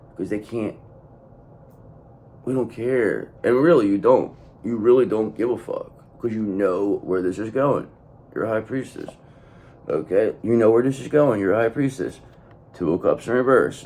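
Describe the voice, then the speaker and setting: A man's voice: on the low side, vocal fry, warm tone, a little hiss or hum. A man giving a blunt, profane tarot reading to his viewers, hammering points home by repeating the same phrase. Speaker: tarot reader.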